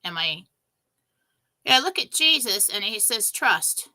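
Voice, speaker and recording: A woman hosting a show, telling a spiritual story in an emphatic, breathless, animated way. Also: fairly high pitch, normal speed, poor audio. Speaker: show host.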